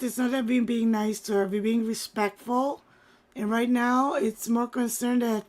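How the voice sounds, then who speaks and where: A woman livestreamer talking to her chat, urging calm and then apologizing. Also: fairly high pitch. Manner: pleading, then apologetic and backpedaling.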